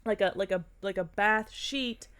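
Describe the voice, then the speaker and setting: A woman's voice: mid-range voice, moderate pace, a bit bright, smooth. A young woman co-hosting a casual podcast chat, ranting emphatically and filling her talk with "like.". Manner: emphatic, ranting, heavy use of "like". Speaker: podcast co-host.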